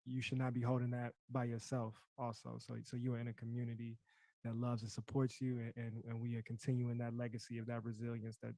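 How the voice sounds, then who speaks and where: Gentle flat-voiced man offering support. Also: mid-range voice, dry recording. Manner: gentle, stammering repetitions. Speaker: panelist. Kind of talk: supportive panel remarks.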